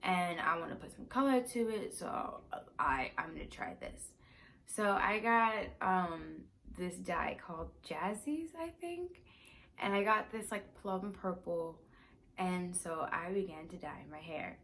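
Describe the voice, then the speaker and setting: A young woman vlogger telling a personal story in a casual, animated, emphatic way. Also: fairly low pitch, moderate pace, slight background noise.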